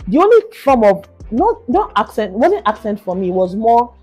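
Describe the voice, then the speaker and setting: Nigerian lady cohost, talks fast, repeats herself, animated chat, a little music in the back. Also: on the high side, husky. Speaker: podcast co-host. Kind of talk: casual chat.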